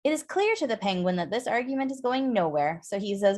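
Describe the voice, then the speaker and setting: A woman's voice: medium pitch, sing-song, fairly quick, darkish tone. A woman reading a comic monologue aloud in a wry, conversational storytelling manner. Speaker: play reader.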